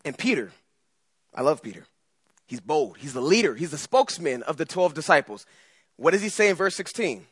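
A man preaching a conversational sermon in an animated way, speaking straight to his listeners. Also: on the high side, normal speed, husky, dry recording. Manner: animated, conversational, acts out scripture voices.

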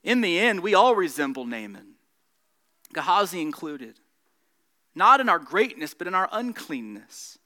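A man preaching a sermon, earnest, rising in emphasis and dropping soft at the close of points. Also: high voice. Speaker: pastor.

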